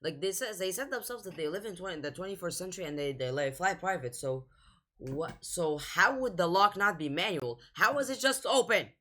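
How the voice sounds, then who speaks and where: A woman's voice: fairly low pitch, animated, brisk, a bit bright. A young woman hosting a reaction video, casually and with exasperation talking back at the clip she is watching. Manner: exasperated, talks back at the screen.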